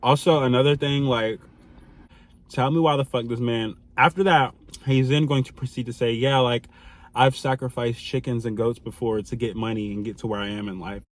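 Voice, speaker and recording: A young man tells a storytime in a loose, chatty way, his voice sitting at a middle pitch. He gets animated and laughs a lot, jumping from loud outbursts to quiet, hushed asides. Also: normal speed. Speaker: vlogger. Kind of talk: casual storytime.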